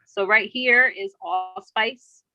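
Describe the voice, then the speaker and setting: A woman's voice: mid-range voice, takes it slowly, bright, forceful tone, dull audio. A woman explaining casually and hesitantly, with many ums. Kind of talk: casual chat.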